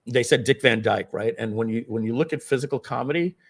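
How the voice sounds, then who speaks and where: A man's voice: mid-range voice, a little fast, husky. Male livestream host, casual anecdotal storyteller, meandering delivery. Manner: rambling, many fillers, acts out quotes. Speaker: webinar host.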